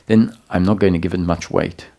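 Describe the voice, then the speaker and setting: Speaking at a satsang, a man with a gravelly, deep voice teaches spiritual ideas. His explanations come calmly and slowly, broken by frequent pauses and fresh starts while he searches for his words.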